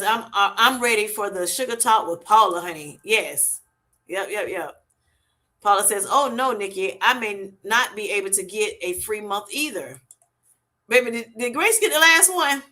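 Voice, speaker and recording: Woman, livestream host, casual chat, bright tone, slightly high voice, laughs a lot, says honey and baby. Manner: laughs often, calls viewers honey and baby, reads comments aloud.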